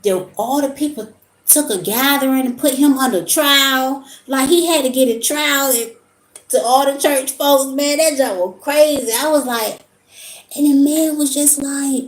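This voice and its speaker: A woman's voice: high voice, unhurried, a little hiss or hum. A woman vlogger talking casually about spiritual topics in a rambling, storytelling way. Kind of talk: casual monologue. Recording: echoey room.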